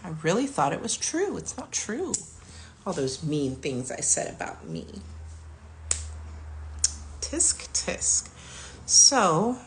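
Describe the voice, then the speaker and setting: A woman around forty, talking candidly and warmly about her self-healing in a casual vlog, sometimes dropping to a soft whisper. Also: mid-range voice, big pitch swings, takes it slowly, pauses often, slight background noise. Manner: chatty, candid, self-affirming. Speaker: vlogger.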